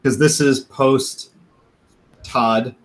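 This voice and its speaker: A man's voice: medium pitch, fairly even intonation, very slow, rough recording. A man on a podcast casually telling a long profane story, laughing now and then and acting out what others said. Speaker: podcast host.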